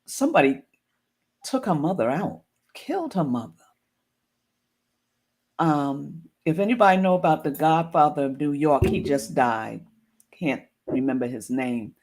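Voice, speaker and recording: Gravelly-voiced woman hosting a talk show. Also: rumbling low, a little mellow. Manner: reflective, encouraging, loose phrasing. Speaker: show host.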